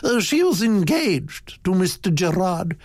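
A man performs a full character voice as a hesitant older duchess, pitching himself above his natural register into a high, very animated voice. He speaks at a measured pace, hesitating and using fillers. The studio recording is clean, with no room sound.

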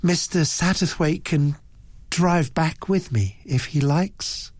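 A man's voice: on the high side, takes it slowly, no room sound, voice pushed up. A man voicing an intense, enigmatic young woman with an odd, charged voice.

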